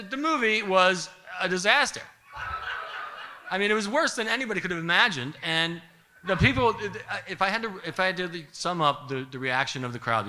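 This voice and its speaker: A man telling a comic story live to an audience, animated and wry, chuckling through his punchlines. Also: fairly high pitch, a little hiss or hum.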